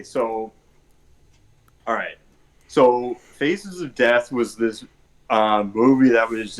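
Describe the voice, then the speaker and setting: A man's voice: mid-range voice, rough recording. A man on a podcast panel, chatting casually and explaining at length in a rambling, meandering way. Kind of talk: casual chat.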